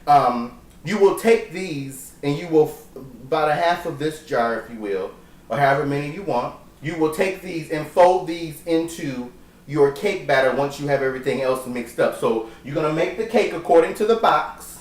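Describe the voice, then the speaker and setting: A man's voice: a little high, expressive, moderate pace. A man hosting a casual cooking vlog from his home kitchen, talking in a sassy, profane, campy way. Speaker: cooking show host. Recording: echoey room, mic at a distance.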